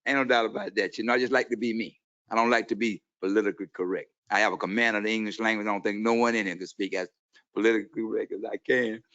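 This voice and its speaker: A man's voice: on the low side, steady tone, fast, fairly bright tone. A man making an impassioned public comment at a council meeting, confrontational and preachy, quoting scripture. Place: city council chamber. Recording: dull lo-fi meeting audio.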